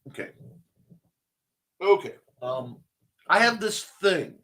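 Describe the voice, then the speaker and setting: A man with a slightly high, pushed and bright voice hosts a casual livestream talk show about creative topics. He chats in a rambling, enthusiastic way while answering viewer comments.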